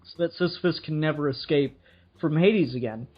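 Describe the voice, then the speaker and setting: A man's voice: fairly high pitch, moderate pace, husky. Rambling profane man, dull lo-fi sound. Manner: rambling, profane, laughs while telling a story. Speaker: podcast co-host. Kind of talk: casual chat, retelling a myth.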